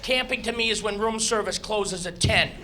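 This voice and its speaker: A man from Massachusetts performing live stand-up comedy, telling animated stories with shouted squeals and acted-out voices. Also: sits high, moderate pace, heavy background noise. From Massachusetts, USA. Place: comedy club stage. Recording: live club recording with crowd. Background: audience laughter.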